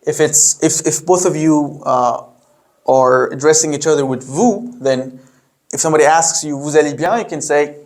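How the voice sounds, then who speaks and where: A man teaching a beginner language lesson, explaining slowly with many fillers and restarts, and modeling phrases for learners to repeat. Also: a little mellow. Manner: models phrases with a raised pitch for repetition. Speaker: French teacher.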